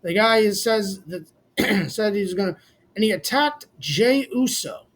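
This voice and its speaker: Casual vlogger, male, high-pitched voice, blunt and opinionated, swears freely. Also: lively intonation, unhurried, fairly bright tone. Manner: blunt, swears casually, addresses fans as "boys". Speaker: wrestling commentary vlogger. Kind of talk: casual opinionated recap rant.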